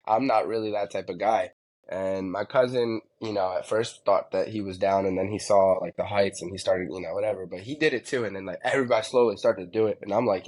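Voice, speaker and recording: Deep-voiced rambling man from New Jersey. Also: steady tone, brisk, darkish tone. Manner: rambling, filler-heavy. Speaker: podcast guest. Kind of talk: casual storytelling.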